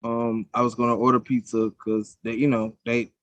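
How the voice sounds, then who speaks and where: A man in his thirties co-hosting a casual podcast, telling stories loose and profane. His voice sits at an ordinary middle pitch. It is recorded close and dry, with no room sound. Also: moderate pace, no echo, muffled recording. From United States. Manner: profane, animated storytelling. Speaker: podcast co-host. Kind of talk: casual chat.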